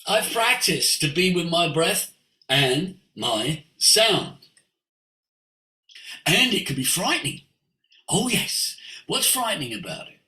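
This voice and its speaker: Older man, lively voice coach in a roomy space. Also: a little high, takes it slowly, pauses often. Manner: expressive, with big swings between hushed and exclaiming. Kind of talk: animated storytelling. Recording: roomy echo.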